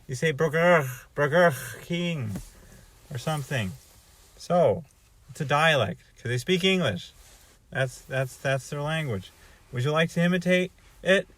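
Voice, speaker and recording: A man's voice: a little high, lively intonation, normal speed, a bit bright. A man from North America giving a casual, rambling vlog monologue, thinking aloud and often restarting his sentences. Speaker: vlogger.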